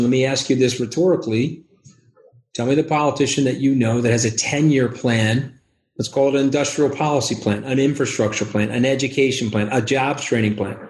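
A man, speaking as an interview guest in an emphatic, rapid, over-caffeinated way. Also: medium pitch, darkish tone, echoey room. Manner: rapid, emphatic, acts out quoted voices. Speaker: podcast guest. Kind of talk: animated interview talk.

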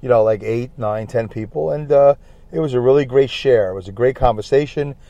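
A man's voice: medium pitch, fairly quick, dark tone, no room sound, lo-fi sound. A man with a Brooklyn accent hosting a rambling solo podcast, chatty, repetitive and self-deprecating. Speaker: podcast host. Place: in a parked car.

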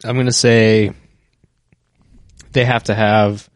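A man's voice: on the low side, flat delivery, slow, smooth, dry recording, studio quality. A man co-hosting a casual chat, offering hesitant, jokey guesses. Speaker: podcast co-host.

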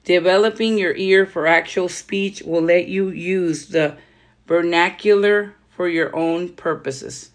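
A woman's voice: on the low side, takes it slowly. A woman podcast host reading aloud from a book on writing, breaking off for loose conversational comments. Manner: reads steadily, then adds loose conversational comments. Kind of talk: reading a writing guide aloud with casual asides.

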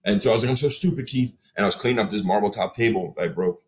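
Fast-talking animated male podcast guest. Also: fairly low pitch. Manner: animated, swears freely, acts out quotes. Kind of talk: storytelling in casual podcast chat.

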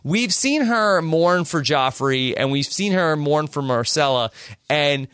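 A man hosting a casual podcast discussion, leading with questions and pausing often with "uh". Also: a little high, expressive, fairly bright tone, smooth, dry recording, studio quality. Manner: leads with questions, many "uh" fillers. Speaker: podcast host.

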